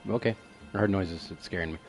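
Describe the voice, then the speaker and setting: A man's voice: deep voice, quick pace, faint music behind. A young man giving casual commentary over a horror game, joking and reading game text aloud. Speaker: gaming youtuber.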